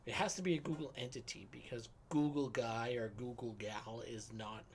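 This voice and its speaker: A man's voice: mid-range voice, moderate pace, a little hiss or hum. A man in his late thirties, co-hosting a sports podcast live stream, joking and riffing casually over beers. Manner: joking, banters and riffs. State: drinking beer while talking. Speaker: podcast co-host. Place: home live stream setup.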